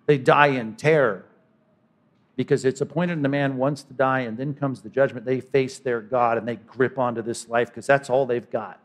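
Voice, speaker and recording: A man preaching a sermon as pastor, swinging from loud to hushed and voicing imagined speakers. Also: mid-range voice, fairly even intonation, moderate pace. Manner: dynamic preaching, voices imagined speakers, sudden drops to quiet.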